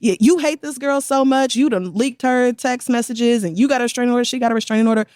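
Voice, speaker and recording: A middle-aged woman co-hosting a casual podcast chat, blunt and profane, and quick to laugh. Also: fairly high pitch, darkish tone, no room sound, clean studio sound. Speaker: podcast co-host.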